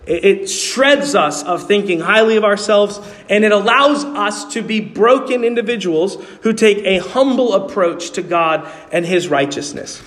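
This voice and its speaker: A man's voice: high-pitched, a little slow, few pauses, fairly bright tone. A man preaching a sermon as pastor, earnestly asking his congregation questions as he explains. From New York City. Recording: long hall reverb.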